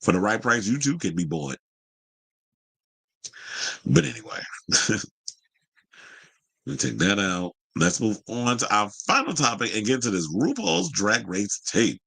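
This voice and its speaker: A man talks through entertainment news in an easy, opinionated way, drifting into asides and filling pauses with "um" and "you know." His voice sits low and has a husky grain to it. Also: sharp tone. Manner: chatty, opinionated, many fillers and asides. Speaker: host. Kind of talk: casual pop-culture commentary.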